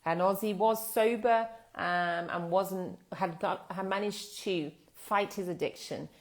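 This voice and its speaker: A British woman teaching English in a live online lesson, speaking in a thoughtful, explanatory way with pauses and fillers. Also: medium pitch.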